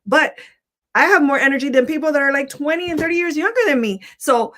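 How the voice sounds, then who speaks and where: A middle-aged woman co-hosting a motivational talk, her voice sitting a little high. She speaks with energy and often repeats phrases for emphasis. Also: quick pace, a bit bright. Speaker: co-host.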